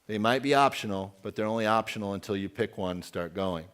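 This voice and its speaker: A man's voice: lowish voice, fast talker, fairly bright tone, clean tone. A man in his forties giving an outspoken, emphatic conference keynote and putting questions to the audience. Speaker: keynote speaker.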